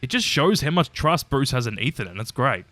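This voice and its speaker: A man racing through a casual review with a lively, swooping delivery. He is chatty and opinionated and tosses in a mild curse now and then. His voice is close and dry, with soft music underneath. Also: medium pitch, a little fast, dry recording. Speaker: YouTube episode reviewer. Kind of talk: casual commentary ranking episodes.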